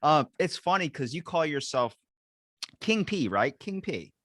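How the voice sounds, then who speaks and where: A man's voice: a little high, sing-song, a little slow, a crowd in the background. A young American man from the East Coast hosting a podcast, telling rambling anecdotes with lots of swearing and acted-out voices. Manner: rambling storyteller, swears a lot, acts out quoted voices. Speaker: podcast host. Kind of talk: casual chat.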